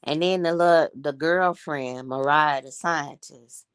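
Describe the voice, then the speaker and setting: A woman's voice: sits low, measured pace, clear, resonant tone, no echo, clean studio sound. A woman in her sixties hosting a casual livestream chat, gossiping and talking to her viewers as y'all. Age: 60s. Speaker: livestream host.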